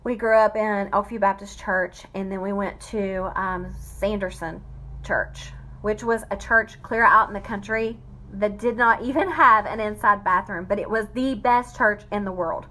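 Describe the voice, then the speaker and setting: A woman's voice: medium pitch, moderate pace, pushed and bright. A woman giving an emotional personal testimony, fighting back tears as she speaks. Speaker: vlogger telling a family story.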